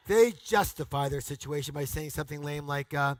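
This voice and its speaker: Bright, punchy motivational seminar man. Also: on the high side, a little fast, few pauses, dry recording. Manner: energetic and emphatic, with call-and-response to the audience; bursts into loud, punchy exclamations. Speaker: seminar speaker. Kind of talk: motivational seminar talk to a live audience.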